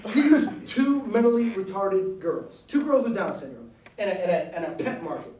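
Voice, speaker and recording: A man's voice: high-pitched, expressive, moderate pace, darkish tone, roomy sound, far from the mic, poor audio. A man giving a blunt, joking and combative speech to students at a university. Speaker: guest speaker. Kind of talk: animated campus speech. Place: university lecture hall.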